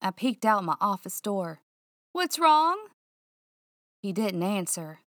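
A woman narrating a first-person mystery audiobook in a hushed, suspenseful, drawling way. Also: medium pitch, moderate pace, no echo, studio quality.

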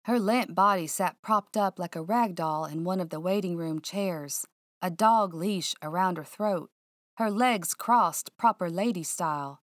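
Low-voiced woman narrating suspense. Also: a little slow, no room sound, clean studio sound. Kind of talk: first-person audiobook narration.

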